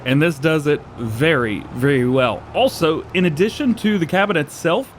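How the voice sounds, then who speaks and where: A man's voice: fairly high pitch, animated, normal speed, a little hiss or hum. A man hosting a gaming channel, giving chatty gameplay commentary and laughing often, while he is losing his voice.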